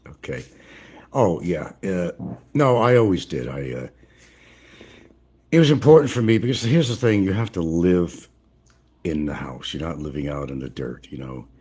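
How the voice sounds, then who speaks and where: Speaking at a moderate pace with frequent pauses, this older American vlogger has a low, animated voice that is a little mellow and husky. He rambles and chuckles casually on a livestream from his home in the central Philippines, responding to chat comments.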